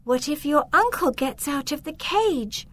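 A woman voicing a plucky young girl in a storybook reading, high and pleading. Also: animated, unhurried.

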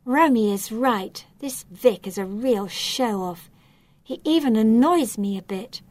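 A woman narrating a storybook reading in a measured, clear, deliberate way. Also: fairly high pitch, expressive, a little mellow.

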